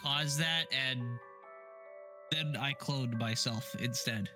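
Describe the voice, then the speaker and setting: A man's voice: mid-range voice, slow, music in the background. A man chatting casually as a player in a tabletop game, thinking aloud and swearing now and then.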